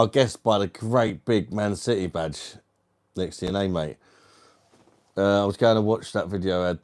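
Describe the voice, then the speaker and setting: Bantering man, low voice. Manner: crude joking banter, matey. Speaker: livestream host. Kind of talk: casual live chat reading viewer comments.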